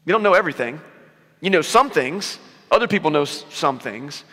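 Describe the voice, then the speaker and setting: A man preaching a sermon in a relaxed, conversational way, his voice sitting a little high and sounding crisp and forceful. He talks with loose fillers and easy laughs. His words ring out with a long reverb, as in a large hall. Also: a little fast. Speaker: pastor.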